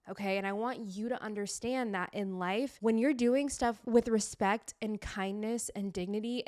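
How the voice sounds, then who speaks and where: A woman's voice: medium pitch, dry recording, studio quality. A young adult woman hosting a solo podcast, talking frankly and emphatically with blunt, profane remarks. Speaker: podcast host.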